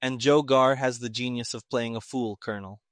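A wry army captain who speaks quietly and in a measured way, as a man voices him in an audiobook. The voice sits low and soft, recorded dry and close. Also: fairly even intonation, dry recording, lightly acted.

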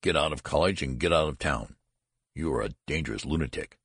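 A man's voice: extremely low pitch, brisk, a bit bright, slightly rough, no room sound, studio quality, exaggerated voice. A man voicing a stern, irritable male college registrar who talks in a curt, scolding manner. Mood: furious. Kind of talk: audiobook character voice.

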